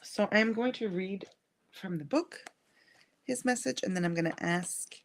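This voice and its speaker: Slow, gravelly woman reading angel cards. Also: mid-range voice, slight background noise. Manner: gentle, soothing, affirming. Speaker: angel card reader and live stream host. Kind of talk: live-streamed spiritual card reading.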